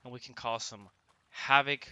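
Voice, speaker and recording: Bright-voiced young man narrating gameplay. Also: medium pitch, steady tone, normal speed, smooth. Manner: chatty, jokey, asks viewers "right?". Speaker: gaming channel host. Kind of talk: casual gameplay commentary. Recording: voice-over with game music behind.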